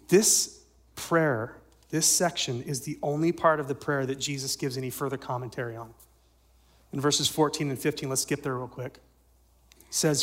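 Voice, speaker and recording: A male pastor with a medium-pitched voice preaches a sermon that swings between loud, emphatic lines and soft near-whispers. He keeps posing rhetorical questions to the congregation.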